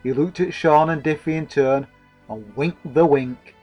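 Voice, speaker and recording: A man's voice: a little high, unhurried, muffled recording, soft background music. A man narrating a comic story in a dry, wordy, mock-formal way.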